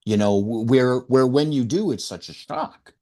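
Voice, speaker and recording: A man's voice: mid-range voice, normal speed. A man hosting a podcast, telling stories in a casual conversation and acting out what others said. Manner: animated storyteller, acts out quotes. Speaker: podcast host.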